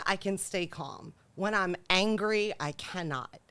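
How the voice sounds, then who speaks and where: A woman's voice: mid-range voice, a little slow, few pauses, clear, resonant tone, dry recording. A young woman co-hosting a comedic chat show, talking animatedly, laughing often and acting out what people say. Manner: animated, laughing, acts out voices. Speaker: podcast co-host.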